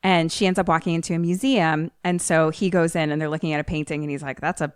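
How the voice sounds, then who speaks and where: A woman co-host with a mixed American accent, a little Philly and Maryland, rambles through a film plot and acts out the characters' lines as she goes. Her voice sits a bit low. The sound is dry and close, with no room around it. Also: fairly even intonation, fast, clean tone, no room sound. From United States. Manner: loose, rambling retelling full of "like" and quoted lines. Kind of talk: casual chat.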